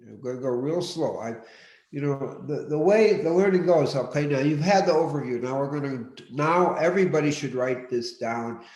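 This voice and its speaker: A man's voice: a little high, lively intonation, a little mellow. Man teaching in a roomy, echoing space. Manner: deliberate, repeats key points, directive. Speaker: workshop teacher. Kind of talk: live online teaching session. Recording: roomy echo.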